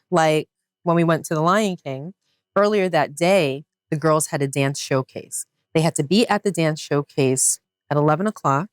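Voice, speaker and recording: A woman co-hosting a podcast in casual chat, expressive and quick to laugh. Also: sits low, no echo, clean studio sound. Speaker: podcast co-host.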